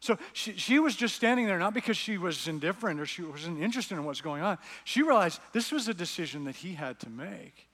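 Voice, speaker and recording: Male pastor, earnest storyteller, slightly high voice, long hall reverb. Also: lively intonation, brisk, hardly any pauses, fairly bright tone. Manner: earnest storytelling, reads scenes aloud. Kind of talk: sermon.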